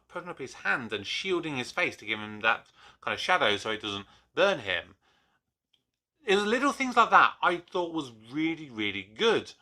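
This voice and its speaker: A man's voice: on the high side, pushed and bright. A young man hosting his own channel, giving an opinionated, casual review monologue with frequent restarts. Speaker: YouTube reviewer.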